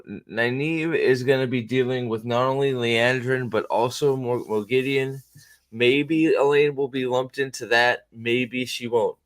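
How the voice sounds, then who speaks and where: A male host talks through casual fan commentary at a mid-range pitch. He rambles, swears freely, and breaks off his own sentences to restart them. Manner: rambling, profane, self-interrupting.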